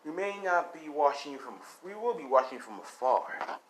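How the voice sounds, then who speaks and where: A man's voice: a little high, sing-song, normal speed, background noise. A man voicing a stern, ruthless male martial arts grandmaster in clipped, commanding lines.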